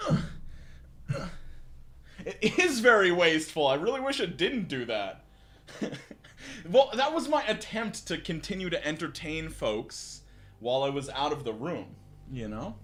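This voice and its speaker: A man's voice: a little high, sing-song, a little slow, long pauses, a bit bright. A man chatting crudely and giggling on a live stream at home, a bit out of breath, with faint music behind. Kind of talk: casual live-stream chat and story reading. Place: home, near a bathroom.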